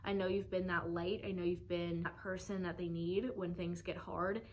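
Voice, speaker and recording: A woman's voice: fairly low pitch, little pitch movement, moderate pace, slight background noise. A young woman giving a heartfelt, emotional tribute to camera, swearing casually as she gushes. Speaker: fan sending a tribute message.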